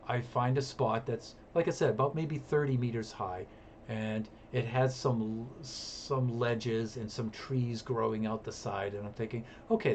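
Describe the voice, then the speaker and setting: A male game streamer with a middle-pitched voice, spinning a rambling story as he plays. He repeats himself and chuckles often. A faint hiss sits under the recording. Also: darkish tone. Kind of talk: casual storytelling while gaming.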